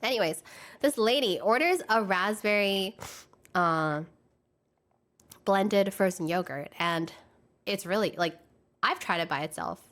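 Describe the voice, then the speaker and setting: A young adult woman streamer telling work stories in casual chat, slangy and animated, often laughing and acting out the voices of people she quotes. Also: lowish voice.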